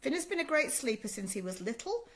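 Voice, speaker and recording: A slightly high, brisk and very animated voice belongs to an older Australian sleep consultant running a casual live-stream Q&A. Warm, motherly and chatty, she calls people "love" and keeps checking in with "okay?". Her voice still sounds a little rough as her sore throat heals.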